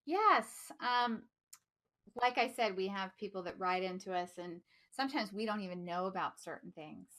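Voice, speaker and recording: An American woman co-hosts a podcast and tells PR stories in an animated, easy way, often laughing. Her voice has a bright, forward edge at a middle pitch. The talk is relaxed and casual. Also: normal speed. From United States. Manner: animated storyteller, laughs easily. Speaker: podcast co-host, PR professional.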